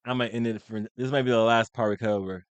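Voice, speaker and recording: A man's voice: medium pitch, fairly even intonation, fast talker, clean tone, dry recording. A man giving blunt, opinionated commentary in a casual, rambling way, with frequent restarts. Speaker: commentary video host.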